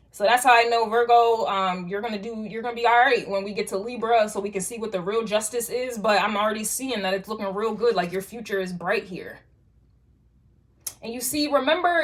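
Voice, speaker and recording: A woman giving a casual tarot reading to viewers, talking in loose streetwise slang with frequent swearing and rambling restarts. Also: medium pitch. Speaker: tarot reader.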